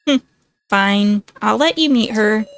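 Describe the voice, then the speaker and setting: A woman's voice: mid-range voice, takes it slowly, faint music behind. Woman doing a taunting, cruel death-game doll. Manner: taunting, drawling slang.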